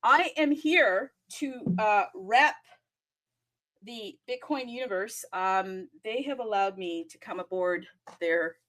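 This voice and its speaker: A woman's voice: medium pitch, slow pace, fairly bright tone. A woman hosting a live audio chat in a bubbly, rambling, chatty way. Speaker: host.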